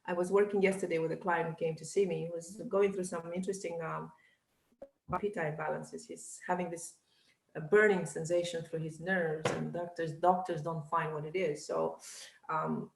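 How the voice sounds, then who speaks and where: A woman therapist who is not a native English speaker, earnestly explaining her ideas on a video call and halting on repeated words. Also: low voice, fairly even intonation, gravelly. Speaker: therapist guest. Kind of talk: casual chat. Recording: echoey room.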